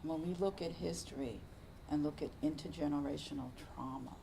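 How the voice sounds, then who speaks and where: Low, gravelly woman giving a dharma talk. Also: noisy background. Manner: slow, reflective, often softly whispery. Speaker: meditation teacher. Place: meditation center hall.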